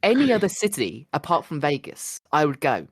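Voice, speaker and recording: A man co-hosting a casual podcast chat, telling stories in an excitable, gushing way with lots of restarts. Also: fairly high pitch, fairly quick, husky, no room sound, clean studio sound. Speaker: podcast co-host.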